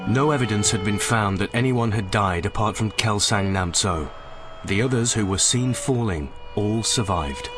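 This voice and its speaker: A deep-voiced man narrates a documentary in a measured, even way, a studio voice-over. A music bed plays clearly underneath him. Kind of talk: scripted narration.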